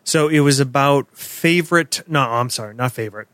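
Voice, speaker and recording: A man's voice: medium pitch, normal speed, fairly bright tone, no room sound, clean studio sound. A man co-hosting a podcast in casual chat, joking and laughing easily, with some hesitations. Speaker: podcast co-host.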